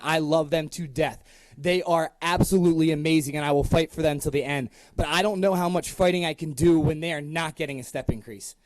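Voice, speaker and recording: Young guy heading a school department, earnest public comment, kinda high pitched, dry mic. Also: darkish tone, dry recording. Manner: earnest, impassioned, many "um" fillers.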